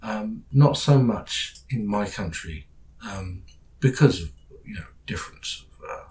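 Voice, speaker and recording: A man from England with a British accent, co-hosting a podcast in casual chat, dry and self-deprecating, often trailing off quietly. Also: fairly low pitch, lively intonation, unhurried, slight background noise, poor audio. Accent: British English. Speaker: podcast co-host.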